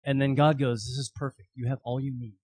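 A man preaching a sermon, telling a story with lively, animated voices for its characters. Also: mid-range voice, a little fast, slightly rough, dry recording. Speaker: pastor.

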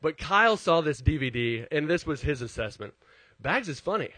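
A man preaching a conversational sermon, an animated storyteller who pokes fun at himself before turning to scripture. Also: fairly high pitch, a little fast, no room sound. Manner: self-deprecating, animated storyteller. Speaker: pastor.

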